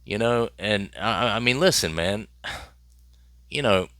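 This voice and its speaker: Guy with a low voice doing news commentary on his channel, bright tone, dry sound, leans hard on his words. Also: expressive, slow, no room sound. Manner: emphatic, repeats phrases for effect. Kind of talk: casual commentary on celebrity news.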